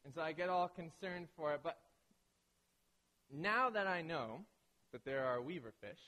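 A man preaching a sermon with a fairly high voice, talking to the congregation as if in conversation. He checks in often and slips into the voices of people in his stories. His voice rings out with the long reverb of a large hall. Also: lively intonation, measured pace, bright, forceful tone. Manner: conversational, keeps asking "right?"; acts out quoted voices. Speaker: pastor.

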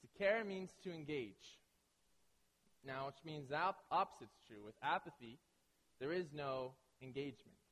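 A man preaching a sermon to a hall of about a hundred people, telling lively stories and acting out the voices of the people in them. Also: fairly high pitch, moderate pace. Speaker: pastor. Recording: echoey hall reverb.

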